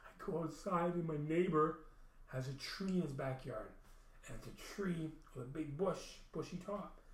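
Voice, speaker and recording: A man's voice: a little high, moderate pace. A young man casually telling a long personal story, rambling with many restarts and frequent swearing. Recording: roomy echo.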